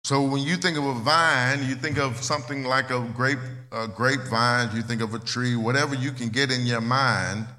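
A man preaching a sermon as pastor, talking plainly and conversationally, repeating phrases and swinging between loud and soft. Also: medium pitch, fairly even intonation, moderate pace, few pauses, long reverb tail.

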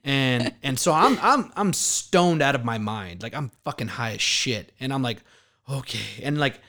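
A man's voice: medium pitch, animated, unhurried, bright, forceful tone. Laid-back man telling a story. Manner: profane, laughing, acts out quotes. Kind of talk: casual storytelling chat.

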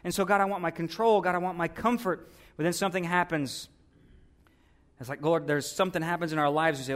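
A male pastor preaching with a high, light voice. His sermon is earnest and builds to emphatic, forceful peaks. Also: fairly even intonation, brisk.

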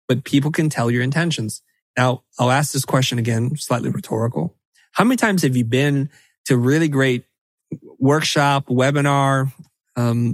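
A middle-aged man talking as a podcast guest in an animated, emphatic way, often breaking into quick quoted asides. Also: medium pitch, dry recording. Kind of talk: animated conversational podcast talk.

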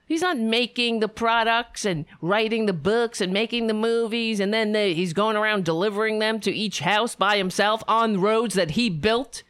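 A woman's voice: medium pitch, moderate pace, few pauses, a bit bright, clear, resonant tone, dry recording. A woman hosting her own show, ranting sarcastically and rambling through thanks to her supporters. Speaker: show host. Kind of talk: ranting livestream monologue.

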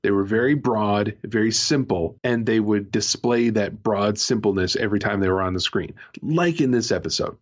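Reviewing a TV episode in relaxed podcast chat, this male co-host speaks at normal speed with few pauses in a fairly low voice. His talk meanders, full of fillers and false starts, and the lo-fi recording sounds muffled.

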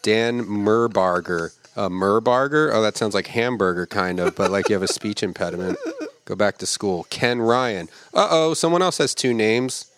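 A man hosting a comedy podcast, roasting names from film credits with crude, profane insults. He reads each name slowly, then fires off the joke quickly. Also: lowish voice, fairly bright tone, clean tone. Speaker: podcast host.

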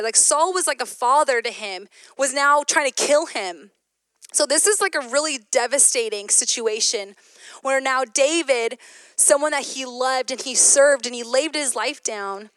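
A woman giving a sermon, mixing a personal story with scripture, animated and laughing often. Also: high voice, no echo. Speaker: women's ministry speaker.

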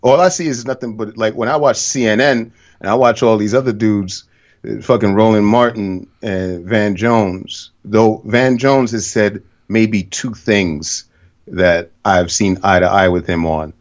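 Blunt, profane low-voiced male podcaster. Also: measured pace, highs cut off. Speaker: podcast host. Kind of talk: casual podcast conversation.

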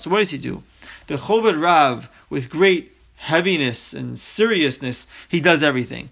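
A man's voice: a little high, expressive, fairly quick, creaky, pushed and bright. A man teaching a Torah text study class, reading Hebrew phrases aloud and then explaining each one in English.

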